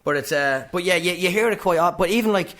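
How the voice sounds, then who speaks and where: A middle-aged man with a Dublin Irish accent, chatting as a comedian guest on a podcast in a quick, clipped, animated storytelling way. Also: high voice. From Ireland. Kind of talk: casual podcast chat.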